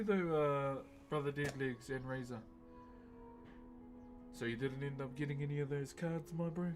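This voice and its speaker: A man's voice: mid-range voice, steady tone, normal speed, pauses often, music in the background. A young man chatting casually on a live stream, laid-back and slangy, laughing often.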